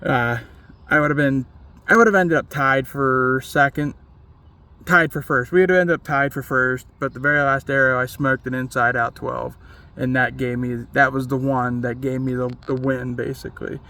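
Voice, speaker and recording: A man's voice: mid-range voice, fairly even intonation, normal speed, pushed and bright. A man talking in a casual vlog monologue, candid and self-critical, swearing freely and filling his talk with "like". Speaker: vlogger and competitive archer.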